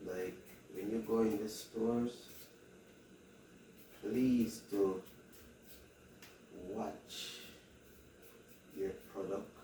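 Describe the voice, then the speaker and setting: A man with a Jamaican accent chatting slowly to viewers while demonstrating a home recipe in his kitchen. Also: lowish voice, fairly even intonation, dark tone. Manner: slow, chatty, addresses viewers directly. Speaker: cooking vlogger. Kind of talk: casual cooking demonstration. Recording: echoey kitchen, mic far off, background noise.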